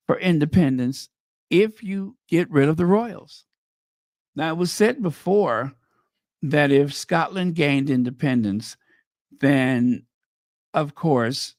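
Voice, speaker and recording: A man with a fairly high, slightly mellow voice hosts a commentary channel, reading news headlines aloud and reacting with casual, opinionated asides. The sound is clean studio audio with no room sound.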